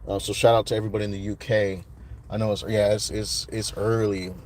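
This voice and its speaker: A man's voice: lowish voice, little pitch movement, a little fast, a little mellow, slight background noise. A man hosting a casual livestream outdoors at night, rambling with many fillers and greeting viewers by name. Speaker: livestream host.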